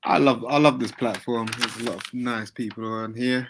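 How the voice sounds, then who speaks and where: A man, a guest on a live panel, talking defensively and haltingly. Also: medium pitch, steady tone, background noise. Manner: defensive, halting, with many restarts. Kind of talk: heated live panel talk.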